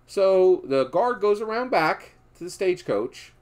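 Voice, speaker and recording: A Philadelphia native delivers casual political commentary through stories, very animated but a little slow. He presses points emphatically, tacks a questioning "right?" onto nearly every sentence, and turns low and quiet for moral points.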